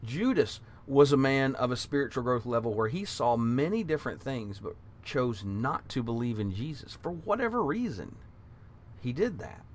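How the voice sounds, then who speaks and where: A man's voice: mid-range voice, big pitch swings, moderate pace. A man teaching a Bible class in an earnest, conversational way, retelling scripture passages aloud.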